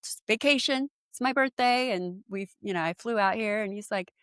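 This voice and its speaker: A woman in her forties from San Diego tells a personal story in a relaxed podcast chat. Her voice sits in a middle range and sounds close and dry. She acts out quotes with sudden leaps in pitch and talks loosely, with many fillers. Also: normal speed, smooth, no echo. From San Diego, USA. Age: 40s. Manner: animated, acts out quoted speech with big pitch jumps, lots of fillers. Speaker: podcast guest. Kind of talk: casual storytelling in conversation.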